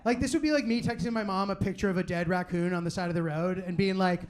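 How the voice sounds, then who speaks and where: On stage at a comedy venue with an audience, a young stand-up with a clearly high voice keeps things loose and rambling. Fillers like "like" and "you know what I mean" pepper his talk, and he slips in snappy quoted remarks from family and friends.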